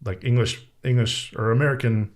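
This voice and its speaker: A man's voice: mid-range voice, fairly even intonation, a little fast. A man co-hosting a movie podcast, griping about a film casually with a wry tone and some swearing. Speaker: podcast co-host. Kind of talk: casual chat.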